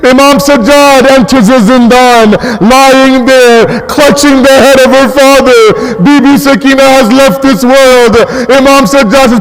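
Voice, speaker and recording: A man with a high voice preaches a mournful sermon to a congregation. He is impassioned, repeats words and slows down to lean on key phrases. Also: in a large hall, poor audio. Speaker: religious scholar. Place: mosque hall.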